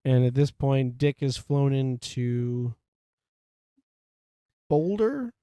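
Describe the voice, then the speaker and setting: Mellow-voiced man in casual movie chat. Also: medium pitch, animated, slow pace, clean tone, no room sound. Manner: rambling, leans heavily on "like" and fillers. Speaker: podcast co-host. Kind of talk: casual film discussion.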